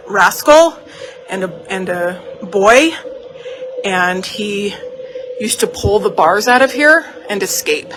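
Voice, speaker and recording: Heartfelt rambling woman, motor hum behind. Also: medium pitch. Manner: heartfelt, rambling, repeats herself. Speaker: doll shop owner and vlogger. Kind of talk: casual chat to camera. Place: indoor doll shop room.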